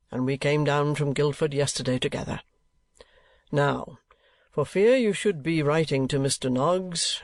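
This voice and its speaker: A man puts on a smug, tight-fisted old rate collector for a storybook reading, drawing out each word slowly in a fussy, self-satisfied way. The voice sits a touch higher than usual and comes across close and dry, with no room around it. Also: no room sound, lightly acted. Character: pompous, penny-pinching older male rate collector.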